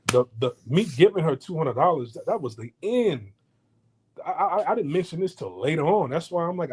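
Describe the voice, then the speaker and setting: A man's voice: on the high side, darkish tone, breathy edge. A man ranting in a casual, heated monologue, swearing often and stumbling over repeated words. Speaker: podcast host. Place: home in Houston.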